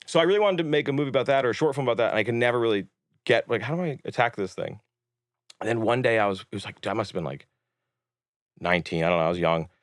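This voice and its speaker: Male filmmaker guest, rapid-fire animated storyteller, mid-range voice, dry close mic. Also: mid-range voice, no echo. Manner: animated storyteller who acts out others' lines, swears casually. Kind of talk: casual podcast chat.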